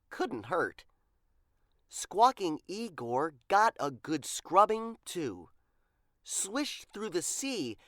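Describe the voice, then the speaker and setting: A woman reads a children's picture book aloud, slow and deliberate. Her voice is low-set but moves through a lively range, animated and expressive. The recording is dry and close. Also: no room sound. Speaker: storyteller.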